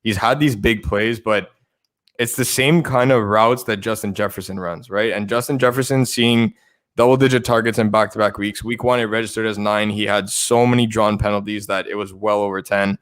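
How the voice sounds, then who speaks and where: A man co-hosting a fantasy football show in casual chat, excitable and often stumbling and repeating words. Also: on the low side, normal speed. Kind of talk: casual sports betting chat.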